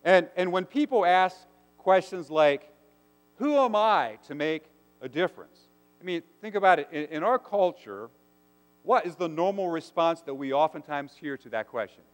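A pastor with a fairly high, animated voice preaches a sermon at normal speed, earnestly posing rhetorical questions to the congregation. Faint music plays behind him, and long hall reverb fills the recording.

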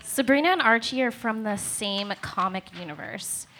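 A woman's voice: fairly high pitch, animated, moderate pace, fairly bright tone, a little hiss or hum. A woman reading the part of a mysterious, knowing teenage witch in a comedic table read, cool and matter-of-fact.

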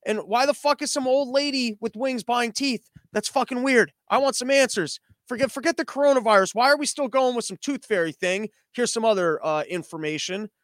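High-voiced sarcastic ranting man. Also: fairly bright tone, no echo. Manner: sarcastic, swears a lot, exasperated rhetorical questions. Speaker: comedian hosting a news commentary show. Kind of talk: ranting comedic monologue. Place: living room.

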